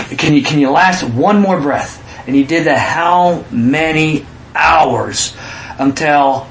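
A man preaching a sermon in an animated way, acting out quotes with sudden shouts. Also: fairly high pitch, echoey room, slight background noise.

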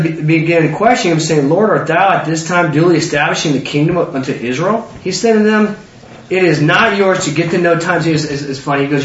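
Lively male preacher, high pitch, plays the scripture figures in voices; dull lo-fi distant room recording. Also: slight background noise. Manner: animated, acts out biblical figures in excited voices. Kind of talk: sermon. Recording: roomy, distant, dull lo-fi sound.

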